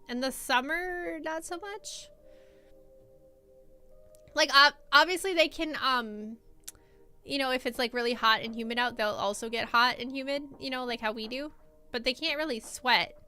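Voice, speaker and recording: Woman streamer rambling stories to chat, bright tone, lil bit of music in the back. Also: a little high. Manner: chatty storytelling, animated, laughs often. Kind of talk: casual chat with live chat.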